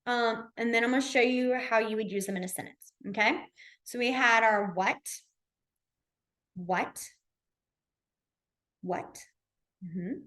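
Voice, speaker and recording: Leading a casual beginner sign language session at a library, this woman chats informally, full of fillers and self-corrections. She speaks a little high and a little slowly, with long pauses and a fairly bright tone.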